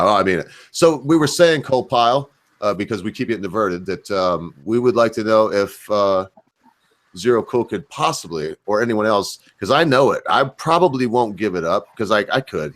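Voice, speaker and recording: A man's voice: fairly low pitch, expressive, brisk, fairly bright tone. A man hosting a casual livestream chat, joking and boastful with a rambling delivery. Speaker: host.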